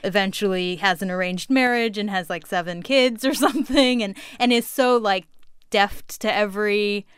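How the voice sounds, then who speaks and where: A woman's voice: mid-range voice, normal speed, clear, resonant tone, no echo, clean studio sound. A woman from California speaking as a guest on a panel, chatty and frank, often laughing as she talks. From Orange County, California. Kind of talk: casual panel discussion.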